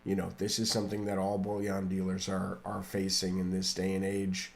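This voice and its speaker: A man with a lowish voice speaks for a precious metals dealer. He is measured and plain, explaining how things stand for customers. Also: monotone, gravelly. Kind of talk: business update in interview.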